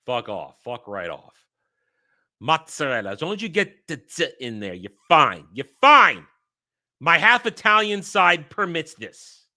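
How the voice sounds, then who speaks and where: Man from New York, bright tone, mock-outraged profane rant, casual streaming chat. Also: a little high, big pitch swings, moderate pace. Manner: profane, mock-indignant ranting. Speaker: streamer reacting to clips. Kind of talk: casual livestream commentary.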